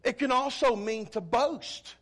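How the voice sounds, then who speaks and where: A man with a notably high voice preaches a sermon to his congregation. He speaks earnestly, leaning on repeated words and stressing key points. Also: unhurried, fairly bright tone.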